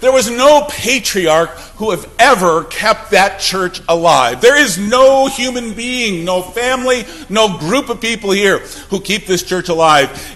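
A man preaching a sermon from the pulpit, swinging from loud declarations to hushed, low passages. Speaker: pastor.

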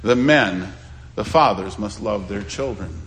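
A man preaching a sermon as a pastor, pleading and swinging between loud appeals and hushed asides. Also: on the low side, measured pace, a little hiss or hum.

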